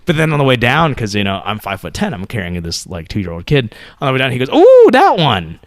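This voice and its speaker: Man, 30s, podcast co-host; lively pitch, dry close sound, swears a lot, acts out quotes. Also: fast talker, no echo. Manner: animated storyteller, swears freely, acts out quotes. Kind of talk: casual chat.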